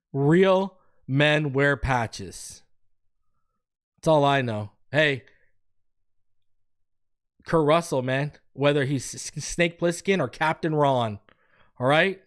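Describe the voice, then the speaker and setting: A man hosting a sports show, chatting casually on a live stream, loose and jokey, rambling through shout-outs and a sponsor read. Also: medium pitch.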